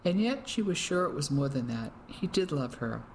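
A woman narrating an audiobook in a measured, dramatic way. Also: low voice, sing-song, slight background noise, poor audio. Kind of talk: scripted narration.

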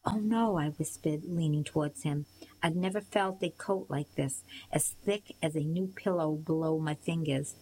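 A woman narrating a storybook in the first person with a steady, measured reading. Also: low voice, slight background noise, poor audio. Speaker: audiobook reader.

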